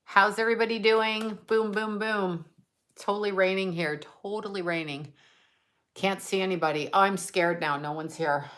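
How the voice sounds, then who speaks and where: A woman's voice: mid-range voice, steady tone, moderate pace, a bit bright. A woman hosting a casual livestream from home, chatting in a bubbly way and reading out where her viewers are. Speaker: livestream host. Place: at home, just out of bed.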